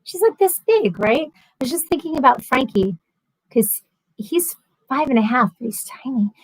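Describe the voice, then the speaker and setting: A chatty woman in her thirties hosts a casual livestream from home, answering viewer comments as they come in. Her voice sits a little high and she rambles, breaking off with ums and quick restarts. The sound is close and dry, with no room around it. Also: lively intonation, no echo, rough recording. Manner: chatty, rambling, frequent ums and self-corrections. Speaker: livestream host. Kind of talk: casual live chat reading viewer comments.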